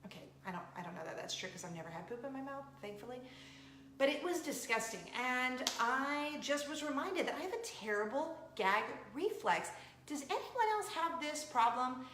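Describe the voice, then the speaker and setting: A woman in her forties hosts a casual chat show in a playfully dramatic, self-mocking way. Her voice is bright and crisp and swoops up and down. The room is echoey, with a faint hum behind her. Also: high-pitched, expressive, normal speed. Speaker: host of a weekly coffee talk show. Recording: roomy echo with faint room noise.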